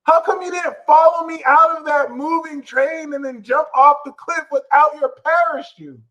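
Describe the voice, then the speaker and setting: A man voicing a furious, reckless thrill-seeking partner who berates and yells in a high, shrill tone. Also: fairly even intonation, moderate pace, rough recording. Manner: shrill shouting tirade.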